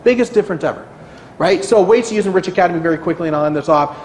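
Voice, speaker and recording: Echoey energetic male presenter. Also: a little hiss or hum. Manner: energetic, acts out anxious clients in quick high bursts; peppers talk with "right?". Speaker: guest speaker at a realty kickoff meeting. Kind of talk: motivational presentation. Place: meeting room. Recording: echoey room.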